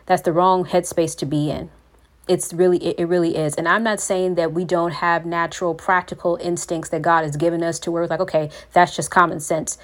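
A woman's voice: on the low side, little pitch movement, fairly quick. A woman hosting a faith podcast, talking in an earnest, preachy way and calling her listeners "you all". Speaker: podcast host.

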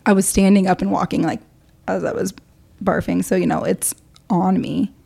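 Young woman, co-host, mellow warm tone, breezy and chatty, lots of "like". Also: on the low side, steady tone, normal speed, gravelly. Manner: breezy storytelling, heavy use of like. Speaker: podcast co-host. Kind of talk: casual chat.

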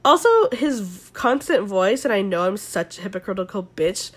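A woman's voice: medium pitch, sing-song, moderate pace. Chatty Californian woman with the flu. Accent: Southern Californian. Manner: chatty, swearing, many likes and ums. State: sick with flu. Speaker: podcast host. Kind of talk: casual reality-show recap.

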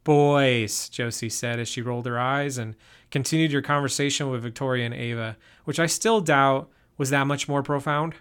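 A man narrating a first-person story in an even, steady reading voice. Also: mid-range voice, a little fast, smooth.

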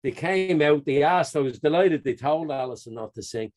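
A man with a fairly high, slightly mellow voice co-hosts a podcast, speaking at normal speed with lively intonation. He chats casually, tells stories, and laughs frequently.

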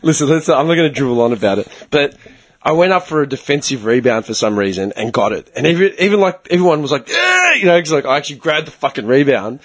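A man telling a story in a casual chat, animated, swearing a lot and laughing often. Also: mid-range voice, fast, a little hiss or hum.

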